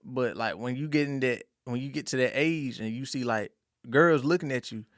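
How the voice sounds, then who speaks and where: A young man from North Carolina with a country accent, telling stories in a relaxed, drawling way as a podcast guest. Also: mid-range voice, moderate pace, dry recording, studio quality. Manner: drawling, easygoing storyteller with country slang. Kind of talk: casual interview chat.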